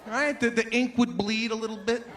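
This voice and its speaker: A man doing a stand-up comedy routine, exasperated and acting out characters, building to shouts. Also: extremely high pitch, fairly even intonation, normal speed. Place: comedy stage before a live audience. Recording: live show with crowd laughter and noise.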